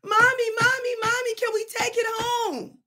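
A whiny little boy, pleading in a very high, thin voice, as a woman puts him on. His pitch sits far above the narrator's own, with a tearful, begging edge. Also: level tone, moderate pace, pushed and bright. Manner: whining and pleading.

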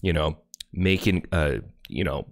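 A man's voice: extremely low pitch, a little slow. A man hosting a live stream, mocking a clip he is watching with profane, scornful reaction commentary. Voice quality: profane, scornful, rants at the screen.

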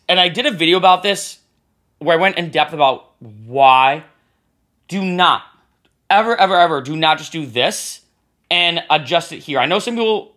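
Man, lively and bright, casual software tutorial host, asks "right?" often. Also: fairly high pitch. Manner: casual, talks while clicking, says "right?" often. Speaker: music production tutor. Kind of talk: screen-recorded software tutorial.

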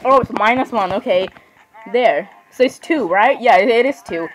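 A woman's voice: a little high, expressive, moderate pace, faint music behind, rough recording. A woman giving casual game commentary, rambling, apologizing constantly and giggling at her own asides. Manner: rambling, keeps saying sorry, giggly asides. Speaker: gameplay commentator.

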